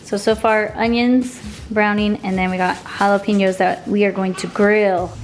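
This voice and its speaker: A woman's voice: mid-range voice, flat delivery, moderate pace, soft background music. A woman chatting to her viewers in an upbeat, casual way as she cooks at home. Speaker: vlogger. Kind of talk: casual cooking vlog. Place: home kitchen and backyard grill.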